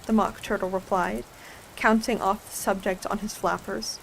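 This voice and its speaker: A woman reading a storybook aloud in a soft, gentle ASMR style. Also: mid-range voice, fairly even intonation, moderate pace, vocal fry, slight background noise, low-quality recording.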